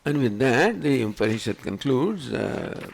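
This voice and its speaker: An older man lectures on scripture in a gravelly voice. His pitch rises and falls with lively swings as he puts one rhetorical question after another to his listeners. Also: unhurried. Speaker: swami teaching scripture.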